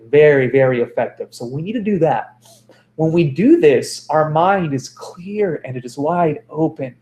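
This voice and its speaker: A man's voice: fairly high pitch, darkish tone. Man teaching positive thinking, echoey room. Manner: repeats phrases for emphasis, self-corrects. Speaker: self-help speaker. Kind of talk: motivational talk.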